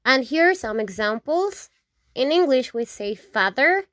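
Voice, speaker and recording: A woman from Mexico teaching vocabulary, saying each word slowly several times and checking in with "okay?". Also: sits high, expressive, a bit bright, no room sound, clean studio sound. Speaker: Spanish teacher. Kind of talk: slow, repetitive vocabulary lesson.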